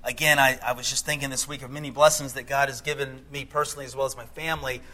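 A middle-aged male pastor delivering a sermon, telling a story, then speaking by turns softly and with emphasis. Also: medium pitch, level tone, fast talker, poor audio. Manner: storytelling, shifts between hushed and emphatic.

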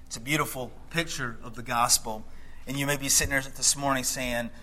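Bright-voiced male pastor preaching. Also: medium pitch, fairly even intonation, normal speed, rough recording. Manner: storytelling, shifts between hushed and emphatic. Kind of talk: sermon.

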